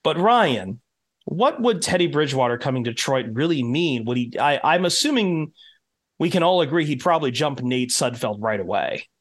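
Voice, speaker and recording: A man hosting a podcast with a low husky voice from a sore throat, talking in a wry, joking, rambling way. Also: animated, moderate pace. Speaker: podcast host. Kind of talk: casual podcast chat.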